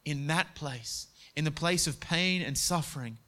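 A man preaching a sermon in a conversational way, dropping to soft, quiet tones when he speaks God's words. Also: a little high, a little slow. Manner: conversational preaching, quotes God and Joshua, drops to soft tones.

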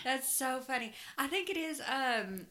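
A woman's voice: sits high, animated, unhurried, pushed and bright. A woman with a Southern US accent, co-hosting a podcast in folksy, chatty talk and laughing easily. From Louisiana, US South. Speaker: podcast co-host. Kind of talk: casual chat.

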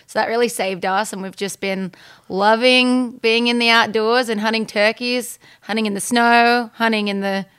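A woman's voice: fairly high pitch, fairly even intonation, normal speed, a bit bright, clear, resonant tone. A woman with an Australian accent, a guest on a podcast, laid-back and friendly, sounding a bit tired. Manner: friendly, laid-back, short replies, laughs. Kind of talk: casual interview chat.

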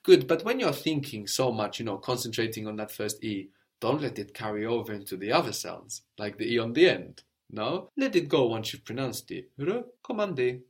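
A man's voice: on the low side, animated, normal speed. A man teaching a spoken language lesson, patiently explaining sounds and prompting his learner with questions.

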